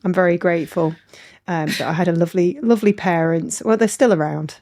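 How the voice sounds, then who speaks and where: A woman's voice: fairly low pitch, brisk, a little mellow. A woman hosting a podcast, chatting casually and teasing her guest with frequent laughter. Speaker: podcast host. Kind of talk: casual interview chat.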